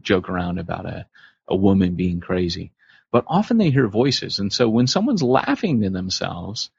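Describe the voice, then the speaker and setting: A man co-hosting a podcast in casual chat, animated and acting out the voices he quotes. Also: lowish voice, vocal fry, breathy edge, dry recording. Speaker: podcast co-host. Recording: slightly muffled podcast recording.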